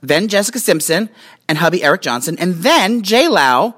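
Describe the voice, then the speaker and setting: A woman's voice: lowish voice, sing-song, moderate pace, fairly bright tone, slightly rough. A tipsy, hiccuping woman at home, reading out facts in a rambling way with lots of fillers. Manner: rambling, reads aloud with fillers and restarts. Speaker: vlog host reading celebrity facts. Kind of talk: casual chat. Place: home, indoors.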